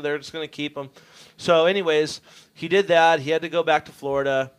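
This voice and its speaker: A man's voice: on the high side, brisk, clean tone. A man casually telling a long road-trip story on a radio show, swearing freely and acting out what others said. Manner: animated, swearing, voices others in his story. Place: radio studio.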